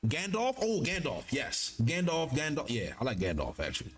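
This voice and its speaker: Young male streamer, high and very lively; casual, joking reaction-stream host. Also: moderate pace. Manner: animated, joking, slangy, reads the text aloud in bursts. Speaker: streamer reacting to a manga chapter. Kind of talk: casual live-stream commentary.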